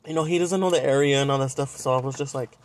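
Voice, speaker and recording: A man's voice: mid-range voice, fast talker. A young man from Southern California, telling a dating story on a podcast in a blunt, profane, casual way. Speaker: podcast host.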